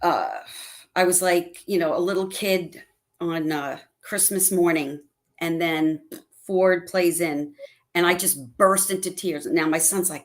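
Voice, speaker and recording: A middle-aged woman chatting casually on a video call, telling animated stories and acting out her family's lines. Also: fairly low pitch, measured pace. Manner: animated storytelling, acts out family quotes. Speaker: guest fan. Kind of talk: casual livestream chat.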